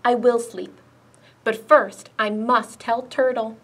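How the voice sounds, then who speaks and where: A woman's voice: a little high, steady tone, takes it slowly, fairly bright tone, husky, full character voice. A woman reading as an eager friendly skunk.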